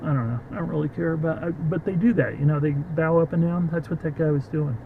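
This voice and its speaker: A man's voice: a little high, fast talker, vocal fry, narrow, tinny audio, slight background noise. A man vlogging while he walks outdoors by a creek, rambling and joking with his viewers. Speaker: vlogger, treasure hunter. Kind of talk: casual walking vlog. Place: outdoors by a creek in a city park.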